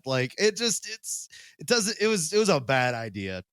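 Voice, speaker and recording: A man's voice: fairly high pitch, sing-song, normal speed, fairly bright tone, no room sound. A man co-hosting a podcast in casual chat, rambling with lots of fillers, swearing loosely and laughing often. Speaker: podcast co-host.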